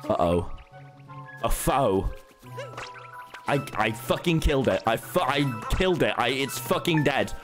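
A man streaming a game live, excitable and swearing as he jokes with his chat. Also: medium pitch, moderate pace, over music. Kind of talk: live gameplay commentary.

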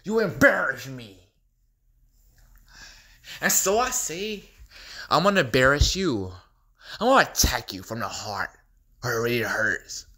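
A man's voice: medium pitch, very animated, measured pace, pauses often, sharp tone, heavily acted. A man voicing an unhinged, gleeful male clown villain in a fan impression skit, taunting in a sing-song way, swinging between whispers and squeals, with a cackling laugh.

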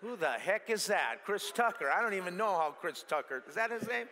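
Animated preacher man in reverberant hall. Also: sits high, a little fast, few pauses, a little hiss or hum. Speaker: pastor. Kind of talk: sermon.

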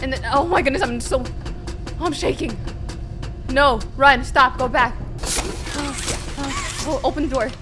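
A young woman filming herself playing a horror game, excitable, screaming and repeating her exclamations. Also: high-pitched, unhurried, pauses often. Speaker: gaming YouTuber. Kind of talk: horror game let's play. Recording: loud game music behind.

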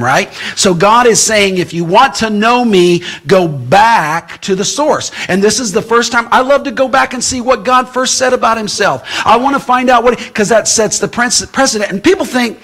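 Animated guest preacher, fairly high male voice. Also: moderate pace, hardly any pauses. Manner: animated, repeats words as he speaks. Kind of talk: sermon.

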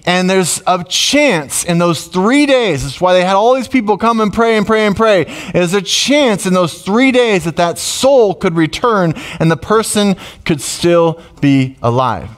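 A middle-aged man preaching a sermon as pastor, conversational and emotional, with sudden loud rises. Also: high-pitched, animated, a little slow, hardly any pauses.

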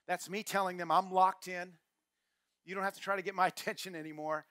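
An older man preaching a sermon as pastor, emphatic, repeating key phrases and swinging from quiet asides to shouts. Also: high voice, fairly even intonation, brisk, no echo, studio quality. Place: church.

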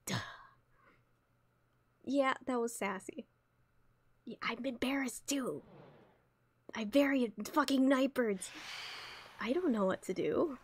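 A woman's voice: fairly high pitch, slow, pauses often, breathy edge. A woman roleplaying her character on a game stream, flustered and self-mocking, often dropping into whispered asides.

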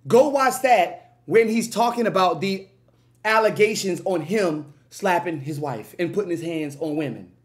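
Guy doing a hype reaction video at home, voice jumps all over, loud and laughing. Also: high-pitched. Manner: excitable, loud bursts and laughter, crude jokes. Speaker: music reaction host. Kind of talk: animated reaction commentary. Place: his own room at home.

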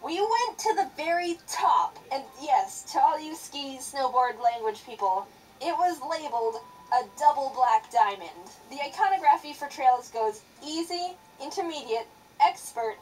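A young woman animator telling a childhood story in a sarcastic, expressive narration. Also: sits high, measured pace, far from the mic, slight background noise, poor audio.

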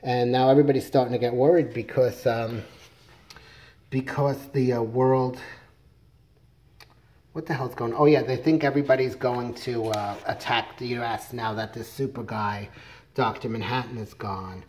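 A man's voice: mid-range voice, steady tone, normal speed, darkish tone. Rambling middle-aged man retelling a comic. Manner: rambling, many fillers and restarts. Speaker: comics reviewer. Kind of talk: casual rambling comic summary.

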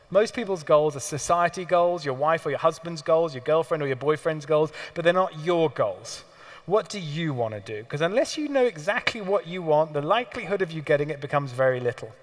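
A man giving a motivational seminar talk in a lively, conversational way, speaking directly to his audience in a hall. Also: fairly high pitch.

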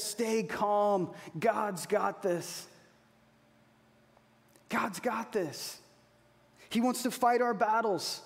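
High-voiced man preaching in a reverberant hall. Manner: earnest, slows down to repeat key phrases. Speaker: pastor. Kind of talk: sermon. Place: church hall. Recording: long reverb of a large hall.

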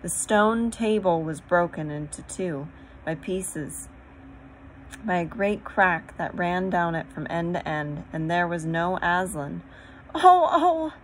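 A woman narrating a children's storybook aloud in a steady, gentle read-aloud manner. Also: lowish voice, takes it slowly, slight background noise, poor audio. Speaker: audiobook reader.

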